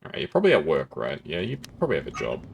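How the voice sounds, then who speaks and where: A man's voice: very deep voice, wildly swooping pitch, rapid-fire, creaky, breathy edge, dull audio. A man casually commentating his gameplay as a streamer, chatty and laughing often, with keyboard typing close to the mic.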